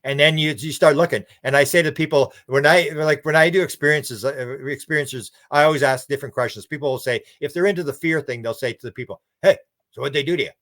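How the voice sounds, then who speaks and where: A man with a fairly high voice, talking on a podcast. He tells his stories in a loose, rambling way, repeats words as he goes and slips into the voices of the people he quotes. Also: fast, hardly any pauses, a bit bright, no room sound, studio quality. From Canada. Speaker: podcast guest, researcher. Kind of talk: casual conversational storytelling.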